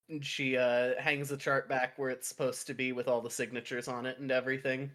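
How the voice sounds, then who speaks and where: Bright-voiced casual tabletop player. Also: medium pitch, flat delivery, fairly quick, faint music behind. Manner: casual, chatty, filler-heavy. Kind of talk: playing a tabletop game.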